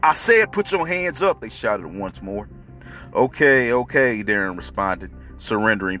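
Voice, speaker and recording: Low-voiced male narrator, steady story reading over soft music. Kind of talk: scripted narration.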